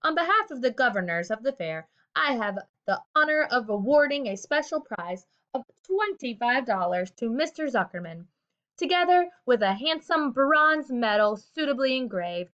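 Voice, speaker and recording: A woman voicing a pompous male fair announcer who speechifies formally over a loudspeaker, in a storybook reading. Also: a little high, very animated, moderate pace, pitched above the performer's own voice. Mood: grandiose. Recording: dull lo-fi recording.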